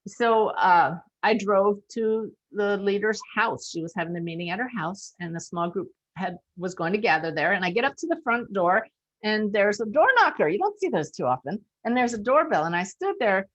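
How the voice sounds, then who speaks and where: A woman working as a psychic medium, telling a story in an animated, lively way to a group of listeners. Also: moderate pace. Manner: animated, lively storyteller with big pitch jumps. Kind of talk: storytelling talk.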